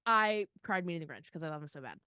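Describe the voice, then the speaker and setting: Bright, gushing young woman podcaster. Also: sits low, fast, clear, resonant tone, no room sound, clean studio sound. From Florida. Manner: gushing, tearful excitement, lots of "like". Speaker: podcast co-host. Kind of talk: casual podcast chat.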